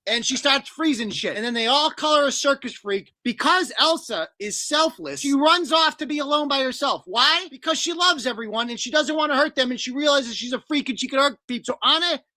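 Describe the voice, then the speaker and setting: A man's voice: very high voice, brisk, few pauses, sharp tone, no room sound. A man delivering a profane, sarcastic comedic rant about a movie.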